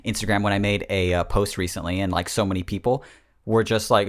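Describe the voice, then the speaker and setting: A man's voice: lowish voice, fairly even intonation, fairly quick. A young man hosting a podcast in casual chat, rambling and self-mocking. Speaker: podcast host. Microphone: podcast microphone.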